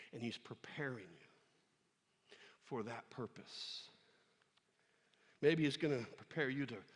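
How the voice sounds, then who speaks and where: Animated preacher in a reverberant hall. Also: male voice, mid-range voice. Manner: animated storytelling, acting out voices. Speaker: pastor. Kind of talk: sermon to students. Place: church hall.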